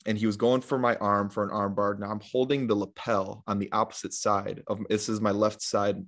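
A man's voice: fairly low pitch, fairly quick. Laid-back young man telling a story. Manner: relaxed, rambling, many fillers and retold quotes. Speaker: podcast guest. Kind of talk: casual storytelling in an interview.

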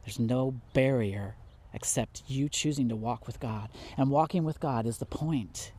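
A middle-aged man preaching a heartfelt sermon, pleading and impassioned, swinging from soft to loud and close to tears. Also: medium pitch, measured pace, husky. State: near tears.

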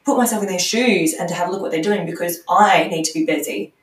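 A woman's voice: fairly low pitch, fast, slight background noise. A middle-aged mother and coaching client, reflecting candidly in a podcast conversation, often restarting her sentences. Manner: candid, searching, trailing restarts. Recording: roomy echo, distant from mic.

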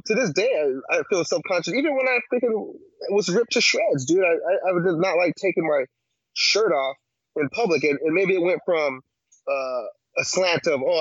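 A man's voice: fairly high pitch, a bit bright, slightly rough, dry recording, highs cut off. A man in a casual podcast chat, rambling and slangy, full of fillers and restarts.

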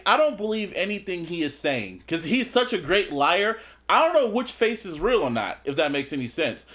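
A man with a high, bright voice that swings widely in pitch, chatting casually as a podcast co-host. He talks in an animated way, laughing often and acting out scenes as he retells them. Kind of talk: casual chat.

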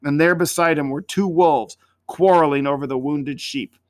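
A man reading a story aloud in a measured, expressive storytelling manner. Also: a little high, dry recording.

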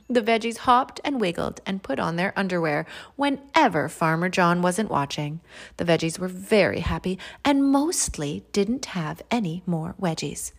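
A woman reading a children's picture book aloud as a channel host, animated and laughing between lines. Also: on the low side, gravelly. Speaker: storybook reader, channel host.

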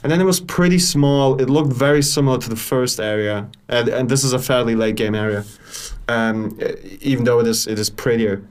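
A man's voice: medium pitch, a little fast, clean tone. A man co-hosting a casual gaming podcast, talking with many fillers and restarts. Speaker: podcast co-host.

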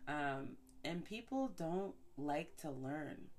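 A woman's voice: low-pitched, expressive, takes it slowly, a crowd in the background. A woman in casual conversation who talks loosely, full of fillers and "like". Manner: chatty, many fillers and likes. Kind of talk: casual chat.

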